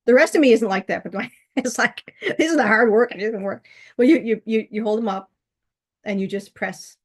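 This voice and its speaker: A woman's voice: on the high side, moderate pace. A middle-aged woman hosting her own vlog, chatting casually in a rambling way with frequent restarts and laughs. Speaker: channel host.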